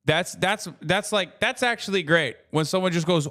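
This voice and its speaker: A man's voice: sits high, normal speed, hardly any pauses. A man in his thirties chatting casually on a live stream, rambling and swearing freely as he reacts to a video. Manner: profane, rambling, animated asides.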